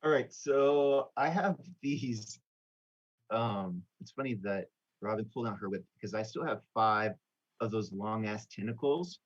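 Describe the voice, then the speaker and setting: A man's voice: fairly low pitch, a little slow, dull audio. A man playing in a tabletop role-playing game, thinking aloud and working out his moves with some hesitation. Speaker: player.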